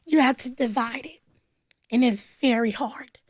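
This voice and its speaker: Her voice runs on the high side with a breathy edge and a slightly slow pace, recorded dry. She is a nonprofit founder telling her story on a radio interview, animated and plainspoken, voicing the people she quotes.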